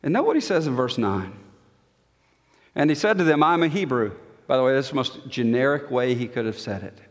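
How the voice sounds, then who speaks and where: A man's voice: medium pitch, big pitch swings, fairly quick. A man preaching an expository sermon and reading scripture aloud, emphatic, his voice climbing on the quoted questions. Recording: long reverb of a large hall.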